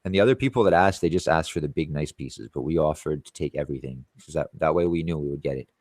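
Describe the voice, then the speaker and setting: A man with a deep, low-set voice talks straight to camera in a casual vlog. He rambles and brags, dropping curses into nearly every line. The sound is dry and close, with no room around it. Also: fast talker, a little mellow, no echo. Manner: profane, boastful, rambling. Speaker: tree-cutting contractor.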